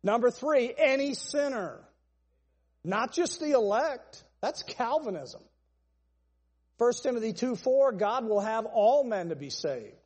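A man's voice: very high-pitched, expressive, measured pace, a little mellow, in a large hall. A man preaching a sermon, stressing points through long repeated lists. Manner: emphatic, repetitive list-style preaching.

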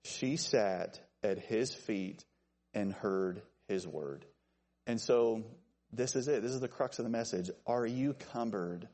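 A man preaching an evening sermon, animated and joking with listeners he calls by name. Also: slow pace. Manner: animated, jokey asides to named listeners, lively pitch swings.

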